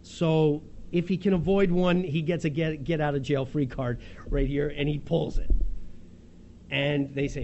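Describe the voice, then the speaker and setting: A man with a fairly high voice delivers a sermon, telling the story with animated, chuckling energy. A faint hum sits under his voice. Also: measured pace, highs cut off. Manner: lively storytelling, acts out the scene with chuckles. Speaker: pastor.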